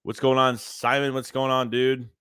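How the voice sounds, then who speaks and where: A man with a stuffy nose hosting a casual sports livestream, rambling and animated as he reads chat messages aloud. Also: mid-range voice, normal speed, smooth, dry recording, clean studio sound. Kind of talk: casual live-chat commentary.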